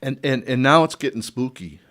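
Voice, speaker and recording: A man's voice: medium pitch, expressive, brisk, fairly bright tone. An older man, a podcast guest, telling a personal story in a conversational interview, acting out the dialogue with chuckles and restarts.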